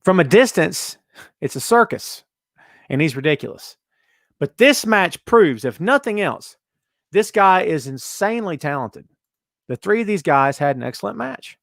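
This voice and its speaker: A man hosting a casual wrestling talk show, reading out viewer comments with sarcastic, animated commentary. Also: high-pitched, normal speed, gravelly, no room sound, clean studio sound. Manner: sarcastic, animated, mocking put-on voices. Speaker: podcast host.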